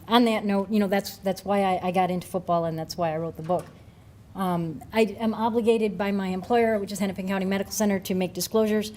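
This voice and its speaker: A woman's voice: fairly low pitch, mellow, slight background noise. Woman giving a chatty conference talk. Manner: conversational, many fillers and restarts. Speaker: brain injury researcher speaking to coaches.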